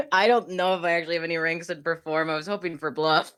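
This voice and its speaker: A woman playing in a tabletop game, wry and playful, laughing often. Her voice sits a little low for a woman. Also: fairly even intonation, fast talker, a bit bright, smooth. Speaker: player.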